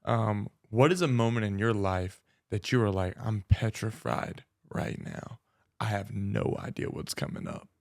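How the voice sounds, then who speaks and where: Male podcast host, low gravelly voice, slow, easygoing questions. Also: animated, a little mellow. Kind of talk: casual interview.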